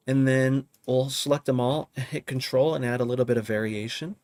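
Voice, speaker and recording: A man's voice: mid-range voice, moderate pace, few pauses, faint music behind. Laid-back male producer, talky tutorial delivery, mid-range voice, home studio. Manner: relaxed, thinking aloud, often asks "you know what I mean?". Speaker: music producer teaching drum programming. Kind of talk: casual live tutorial.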